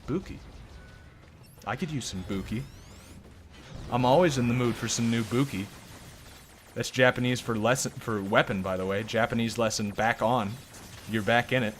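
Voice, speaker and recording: A man's voice: medium pitch, moderate pace, pauses often, a bit bright, a little hiss or hum. A man streaming gameplay in casual live commentary, rambling, joking and cursing, his throat sore and strained. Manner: rambling, joking, profane, self-deprecating, laughs often.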